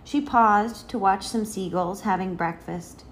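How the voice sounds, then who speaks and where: A woman reading a children's picture book aloud in an expressive storytelling manner. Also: medium pitch, measured pace, a little hiss or hum. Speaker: reader.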